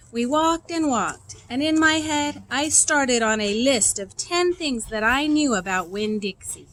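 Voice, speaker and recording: A woman reading a children's novel aloud, expressive and acting out the dialogue. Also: high-pitched, measured pace, few pauses, slight background noise. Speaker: reader.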